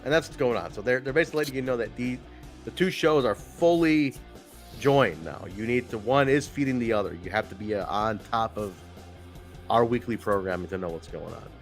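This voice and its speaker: A man's voice: mid-range voice, fairly quick, soft background music. A man co-hosting a podcast, chatting casually and animatedly, joking and swearing now and then. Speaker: podcast co-host. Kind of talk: casual chat reviewing wrestling shows.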